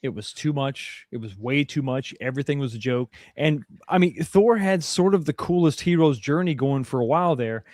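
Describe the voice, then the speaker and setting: A man's voice: medium pitch, normal speed, hardly any pauses, a little mellow, no room sound, studio quality. A man co-hosting a podcast, chatting casually in a thoughtful, opinionated way, often hedging and restarting. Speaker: podcast co-host. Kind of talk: casual chat.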